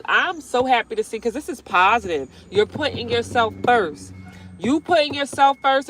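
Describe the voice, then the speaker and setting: A young woman with a fairly high, slightly bright voice does a live-streamed tarot reading outdoors next to a road. She talks in a chatty, slangy, emphatic way.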